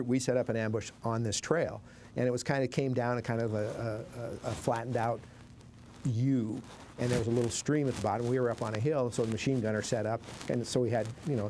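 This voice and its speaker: An older man from Montana telling war memories in an interview, in a halting, plain-spoken way with many restarts. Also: medium pitch, background noise. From Montana, USA. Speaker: veteran recounting war memories. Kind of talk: oral history interview.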